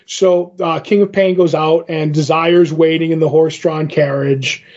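Podcast co-host, male, slightly husky, loose and rambling, muffled lo-fi audio. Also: a little high, level tone, moderate pace, a little mellow. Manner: rambling, many fillers and asides. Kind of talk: casual chat retelling a comic.

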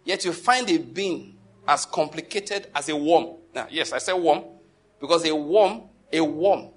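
In an unhurried sermon, a high-voiced male preacher hammers his message home by repeating key phrases and posing rhetorical questions to the audience. His delivery is emphatic, shifting sharply between hushed calm and loud force.

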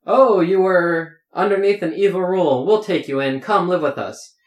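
A man voicing kindly male elves in a stage play, gentle and welcoming. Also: high-pitched, moderate pace, pitched above the performer's own voice, close to an everyday voice. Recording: roomy echo.

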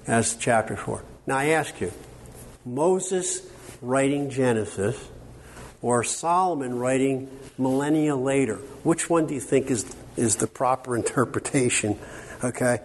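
A workshop speaker gives a conference lecture in a slow, mid-range, slightly mellow voice. His style is conversational and emphatic, and he keeps checking in with the audience by asking "okay?"

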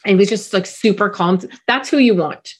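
A middle-aged woman, a parenting expert guest on a podcast, explaining with energy and acting out quick voices of parents and a pilot. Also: mid-range voice, husky.

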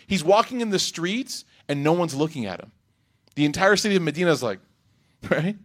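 A man giving an Islamic reminder talk in a lively, rhetorical way, breaking into quick Arabic recitation. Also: on the high side. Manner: animated, rhetorical, acts out quotes. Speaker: religious speaker.

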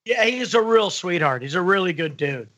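A man voice actor telling stories in casual podcast chat, with a distinctive prickly voice and animated asides. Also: high voice. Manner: animated storyteller, quick asides.

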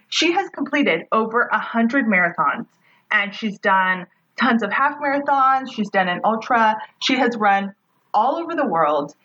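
Bubbly bright-voiced woman podcast host. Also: medium pitch, muffled recording. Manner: bubbly, gushing, chatty. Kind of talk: casual podcast intro.

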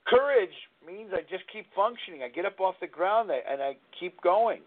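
A man's voice: high voice, expressive, moderate pace. Man in his sixties hosting live radio over a tinny line. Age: 60s. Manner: candid, rambling storytelling with frequent restarts. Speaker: radio show host. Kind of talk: live radio talk on recovery. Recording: tinny phone-line sound.

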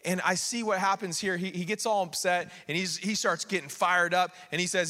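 A male pastor preaching an animated sermon, swinging between quiet asides and raised preaching and acting out the figures in quick voices. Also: sits high, big-room sound. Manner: acts out the king and others in quick voices. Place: church sanctuary.

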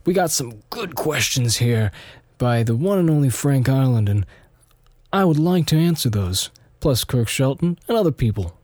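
A man's voice: medium pitch, expressive, moderate pace, darkish tone, no room sound. A young man talks through a casual solo podcast, slightly nasal and self-deprecating. He rambles, restarts his sentences and wanders between thoughts. The sound is close and dry. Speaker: podcast host.

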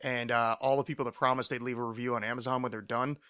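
Man, solo podcast host, rambling, swears a lot, phlegmy throat, bright tone, close dry sound. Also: mid-range voice, level tone, quick pace, clear, resonant tone, no room sound. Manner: rambling, self-mocking, profane, many fillers. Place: home studio.

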